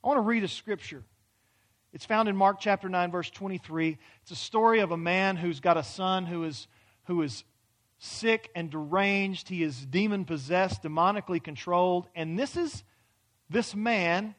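A man preaching a sermon in a church, acting out pleading prayers and swinging from loud, urgent questions to hushed near-whispers. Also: sits high, normal speed. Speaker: pastor. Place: church hall.

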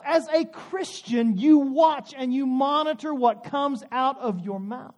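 Male pastor, 40s, high voice, folksy storytelling sermon, leans on drawn-out words for emphasis.

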